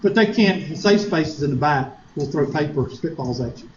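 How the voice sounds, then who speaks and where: Expressive and speaking a little fast, a Southern-accented math instructor from Upstate South Carolina jokes his way through a lecture full of digressions and rhetorical questions for his students. His voice is slightly high for a man yet darkish in tone, and the classroom audio sounds dull and lo-fi with faint underlying hiss.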